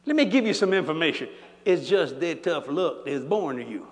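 High-voiced older New preacher. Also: male voice, normal speed. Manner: animated storytelling preaching, laughing as he tells it. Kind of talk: sermon. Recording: church hall reverb.

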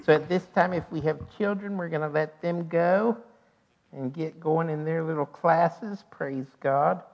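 A man's voice: on the high side, steady tone, measured pace, gravelly, highs cut off. A man pastor giving church announcements and an offering sermon, punctuating his talk with "amen" and "hallelujah.". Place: church sanctuary.

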